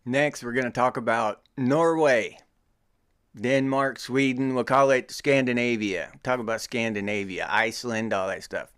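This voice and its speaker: A man's voice: medium pitch, a bit bright, clean tone, no room sound, studio quality. A middle-aged American man hosting his own show, teasing and joking in casual commentary with frequent chuckles. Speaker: podcast host.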